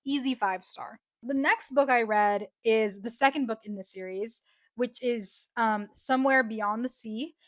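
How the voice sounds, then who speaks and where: A woman's voice: fairly high pitch, unhurried, dry recording. A young woman chatting casually in a book review vlog, gushing and rambling with many fillers. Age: young adult. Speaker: book vlogger.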